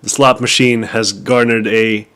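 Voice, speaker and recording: Calling a shooter match, this male esports caster has a lowish, slightly bright voice with little pitch movement and a measured pace. His play-by-play is wry, rambling, and heavy on fillers, and faint noise sits in the background.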